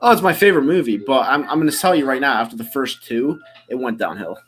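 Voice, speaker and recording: A laid-back man chatting on a live stream, rambling from one thought to the next. His voice sits at an ordinary pitch and he laughs easily. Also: lively intonation, fast, a bit bright. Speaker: stream host. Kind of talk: casual live reaction stream chat.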